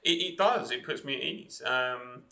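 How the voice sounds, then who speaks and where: Gravelly bright middle-aged man. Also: medium pitch, lively intonation, moderate pace, poor audio. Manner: enthusiastic, chatty, lots of tag questions. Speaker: podcast co-host. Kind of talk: casual chat.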